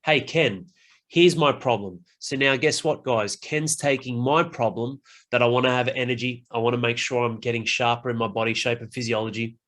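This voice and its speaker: A man hosting a casual podcast chat, blunt and animated, swearing freely and mimicking other people. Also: medium pitch, brisk, hardly any pauses. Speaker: podcast host.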